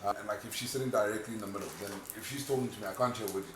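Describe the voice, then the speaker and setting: A man's voice: on the low side, racing. A man co-hosting a casual podcast, telling stories with acted-out quotes and some swearing. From South Africa. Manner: animated storyteller, acts out quotes, swears. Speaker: podcast co-host. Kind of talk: casual chat. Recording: echoey room, mic at a distance, noisy.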